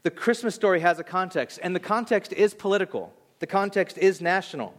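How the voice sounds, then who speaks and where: High-voiced pastor telling a story. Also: male voice. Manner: storytelling, animated and self-deprecating; halting restarts when reflective. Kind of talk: sermon.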